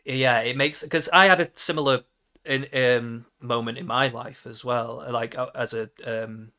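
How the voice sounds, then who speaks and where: A man's voice: mid-range voice, fairly even intonation, measured pace, pushed and bright. A male podcast host in a casual interview chat, supportive and agreeing often with short backchannels.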